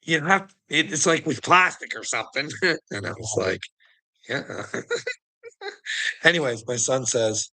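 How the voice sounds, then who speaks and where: Bright-voiced man ranting and laughing. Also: mid-range voice, lively intonation, a little slow, pauses often. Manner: profane, laughing often, heated storytelling. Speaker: vlogger. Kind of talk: casual rant to camera.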